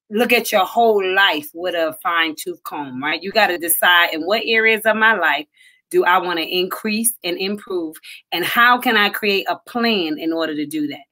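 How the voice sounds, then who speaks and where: A woman's voice: mid-range voice, noisy background. A woman hosting a live online show, giving chatty, encouraging motivational talk straight to her viewers and calling them honey. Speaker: livestream host. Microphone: phone or webcam livestream.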